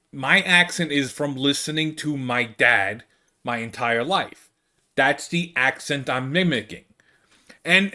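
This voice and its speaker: Animated Brooklyn man ranting. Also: on the high side. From United States. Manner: animated, rambling, exasperated. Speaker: comedian podcast host. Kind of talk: casual monologue.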